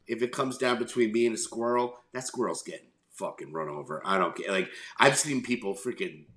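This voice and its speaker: Recorded in an echoey room, this middle-aged New Yorker talks fairly quickly in a lowish, slightly bright, animated voice. He's a podcast co-host chatting casually, spinning a rambling story full of free swearing and acted-out voices.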